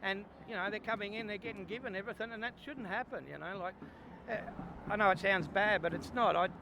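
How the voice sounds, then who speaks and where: Australian man, high gravelly voice, earnest, repeats himself, outdoor street recording. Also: fast talker, background noise. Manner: earnest, repetitive, says mate a lot. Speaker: rally participant. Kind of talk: street interview. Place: outdoors at a city street rally.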